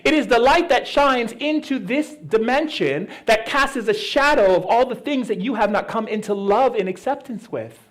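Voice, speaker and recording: High voiced guy doing a spiritual talk, super animated, laughs a lot and does voices. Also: normal speed, few pauses. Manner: playful, laughing, acts out voices. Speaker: spiritual speaker. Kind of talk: expo stage talk. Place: expo lecture hall.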